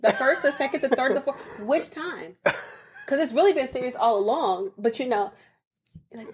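Young woman co-host, husky voice, playful and animated, loves acting out both sides of a spat. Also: sits high, normal speed. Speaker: podcast co-host. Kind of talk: casual chat.

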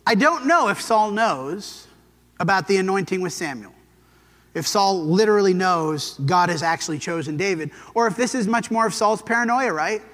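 A man teaching a Bible lesson in a relaxed, conversational way, telling the story and briefly acting out the quotes. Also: high voice, normal speed, in a large hall.

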